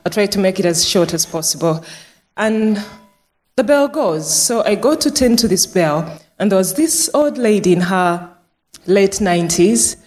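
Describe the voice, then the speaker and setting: A woman care worker giving a church testimony, telling her story lively and acting out the dialogue. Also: medium pitch, measured pace.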